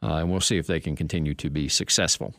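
A man's voice: very deep voice, fairly even intonation, fast talker, a bit bright, no echo, studio quality. A man hosting a sports radio show, chatting casually and wryly, reading copy aloud with playful emphasis. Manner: wry, reads copy aloud with exaggerated emphasis. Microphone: studio microphone.

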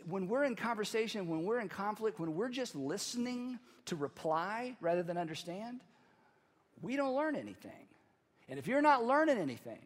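A male pastor preaching a sermon in a conversational, animated way, with playful asides. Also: high voice, big-room sound.

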